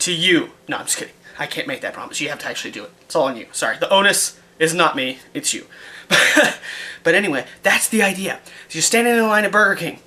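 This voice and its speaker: Man, casual vlogger, rambling, jokey, self-mocking, bright tone. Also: a little high, animated, fast. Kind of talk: casual rambling vlog talk.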